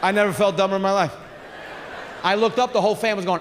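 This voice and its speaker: High-voiced comedian shouting in a hall. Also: male voice, quick pace. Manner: animated, shouts punchlines, acts out family members. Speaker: stand-up comedian. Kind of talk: stand-up comedy storytelling. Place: large theater stage with audience. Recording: live hall reverb with audience noise.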